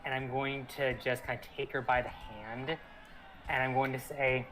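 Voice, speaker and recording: A man's voice: mid-range voice, flat delivery, normal speed, music in the background. A man playing in a tabletop game, describing his character's actions animatedly in the first person. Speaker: player. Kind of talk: tabletop role-play.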